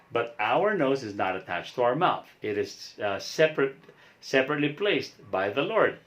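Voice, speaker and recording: A man teaching voice with an unhurried delivery, walking through each step patiently. His pitch rises and falls widely as he demonstrates yawns and sung notes. He talks like a pastor coaching his choir. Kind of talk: singing lesson.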